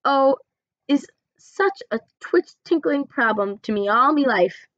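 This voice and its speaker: A woman's voice: high voice, expressive, measured pace, a bit bright, no room sound, dull audio, pitched above the performer's own voice. A woman voicing a huge, kindly, very old male giant who mangles his grammar and invents words. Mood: animated.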